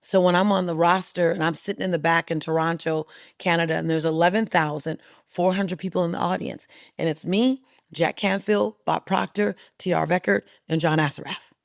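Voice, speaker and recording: A middle-aged woman telling a story as a guest in a podcast interview, lively and acting out the voices of the people she quotes. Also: lowish voice, normal speed, vocal fry, dry recording, studio quality. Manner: animated, acts out quoted voices. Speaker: guest speaker.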